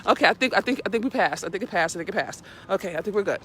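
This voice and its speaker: A woman's voice: mid-range voice, animated, rapid-fire, a bit bright, slightly rough. Blunt, profane woman preaching outdoors. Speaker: live video host. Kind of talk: casual live-stream talk. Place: outdoors in an urban area, walking a dog.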